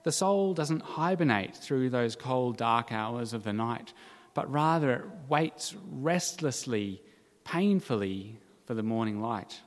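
A man preaching a sermon in an earnest, measured way, with dramatic quoted cries now and then. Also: medium pitch, expressive, in a large hall. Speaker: pastor.

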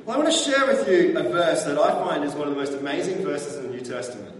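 High-voiced man preaching in an echoey hall. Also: expressive, fast talker, distant mic. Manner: conversational, asks the congregation questions. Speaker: pastor. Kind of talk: sermon.

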